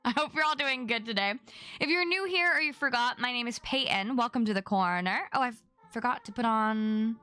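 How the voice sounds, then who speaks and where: A woman's voice: a little high, moderate pace, sharp tone, clear, resonant tone. A young adult woman chatting casually on her live stream, bubbly and chatty as she greets viewers by name.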